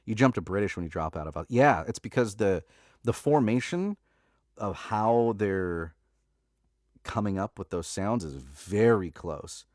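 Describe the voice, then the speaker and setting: A man's voice: on the low side, expressive, measured pace, a little mellow, dry recording, clean studio sound. A man who narrates audiobooks, chatting casually on a live stream in a laid-back way, with lots of filler words and easy laughs.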